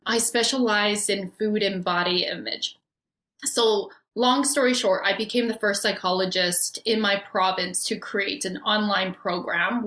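A woman in her forties from Canada, telling her story as a podcast guest in a bubbly, animated way and laughing often. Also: mid-range voice. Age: 40s. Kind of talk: storytelling in conversation. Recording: roomy echo.

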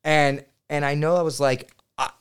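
Smooth-voiced man telling a lively story. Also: on the high side, moderate pace. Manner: animated, excitable, swears casually. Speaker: podcast guest, real estate agent. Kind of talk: casual storytelling.

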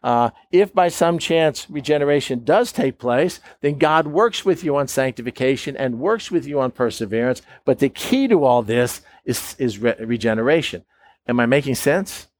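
A man preaches an emphatic sermon at a moderate pace, his medium-pitched voice animated. He often puts questions to the audience and acts out the voices of doubtful believers.

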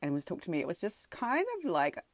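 Low-voiced lady telling a story all excited, lots of ums and likes, voice bouncing up and down. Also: fast talker, no room sound. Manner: excited, animated, with many fillers and restarts. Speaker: podcaster sharing a personal story. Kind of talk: casual personal storytelling. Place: home, sitting on a tatami floor.

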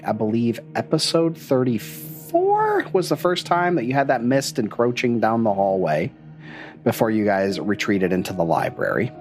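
A man narrating a tabletop game as game master, in a relaxed, descriptive way with frequent filler sounds. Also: mid-range voice.

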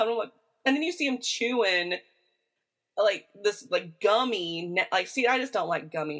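A woman's voice: mid-range voice, lively intonation, normal speed, a bit bright. A woman with a Midwestern American accent, co-hosting a podcast in casual chat, chatty and prone to side notes. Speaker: podcast co-host.

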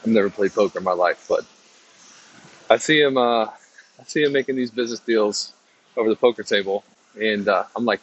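A man's voice: lowish voice, normal speed, pauses often, a little hiss or hum. A man hosting his own motivational podcast, talking loosely with many restarts and fillers. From American South. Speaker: podcast host. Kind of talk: casual motivational talk. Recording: dull lo-fi recording.

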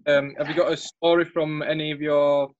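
A man's voice: fairly high pitch, little pitch movement, moderate pace, muffled recording. A man hosting a podcast, casual and teasing as he reads out questions for his guest. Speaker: podcast host. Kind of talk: casual interview chat.

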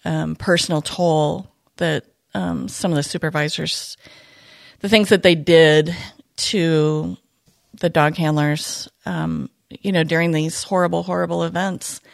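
A woman, a retired police dog handler, talking reflectively in a casual podcast conversation, pausing often. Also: deep voice, fairly even intonation, vocal fry, no room sound, studio quality. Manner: reflective, soft-spoken, many pauses and fillers.

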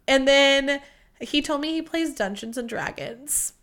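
A woman's voice: sits high, a little slow. A young adult woman hosting a podcast, telling a dating story in a chatty, profane way and acting out quoted lines. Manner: chatty, profane, quoting others in lively voices. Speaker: podcast host. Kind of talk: casual storytelling monologue.

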